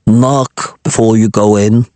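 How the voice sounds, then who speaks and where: A man doing a deadpan, resentful kitchen boy. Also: fairly low pitch, takes it slowly, dry recording. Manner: flat, deadpan, annoyed. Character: resentful young kitchen boy, flat and unimpressed.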